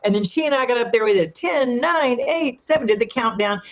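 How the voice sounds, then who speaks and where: A woman's voice: fairly high pitch, lively intonation, fairly quick. Enthusiastic middle-aged woman, film show co-host, storyteller, casual chat. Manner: chatty, tells long anecdotes with enthusiasm.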